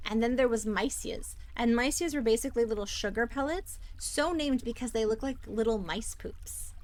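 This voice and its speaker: Streaming a game, this woman from the Netherlands keeps up lively, chatty commentary and reads viewer messages aloud. She speaks at a normal speed in a somewhat high, darkish-toned voice.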